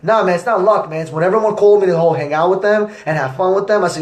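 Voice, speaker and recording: A young man, an entrepreneur, giving an energetic motivational talk to camera with repetitive, punchy phrasing. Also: high voice, fast talker, few pauses. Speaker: entrepreneur vlogger. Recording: echoey room.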